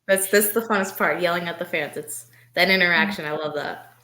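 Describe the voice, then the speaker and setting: Young woman, very low voice, hesitant and soft-spoken, echoey room. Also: a little fast. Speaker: wrestler guest. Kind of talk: casual interview answers.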